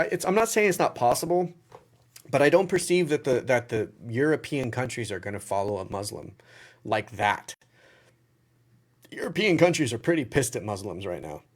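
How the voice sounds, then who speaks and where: A man hosting a casual livestream Q&A, reading out viewer questions and answering them bluntly as he thinks aloud. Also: medium pitch. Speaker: livestream Q&A host.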